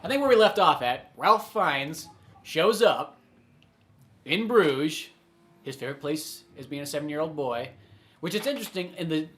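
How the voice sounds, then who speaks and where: A man's voice: on the high side, expressive, moderate pace, fairly bright tone. A man co-hosting a casual film podcast, rambling with lots of "like" fillers and frequent laughs. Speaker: podcast co-host. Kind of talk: casual chat about films.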